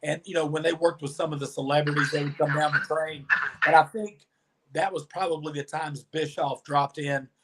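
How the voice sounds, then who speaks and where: A man's voice: a little high, normal speed. Man telling wrestling-days stories. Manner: animated storyteller, acts out quoted dialogue. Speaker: podcast guest, former wrestler. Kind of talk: storytelling interview.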